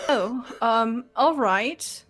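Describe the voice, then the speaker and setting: Slow-speaking woman player. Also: on the high side, a bit bright, faint music behind. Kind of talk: tabletop role-play.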